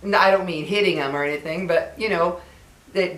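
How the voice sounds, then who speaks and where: A woman's voice: fairly low pitch, moderate pace, a bit bright. Older woman vlogger, chatty storyteller, records in a roomy, echoey space. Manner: chatty and reminiscing, acts out quoted voices. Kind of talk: casual chat to viewers.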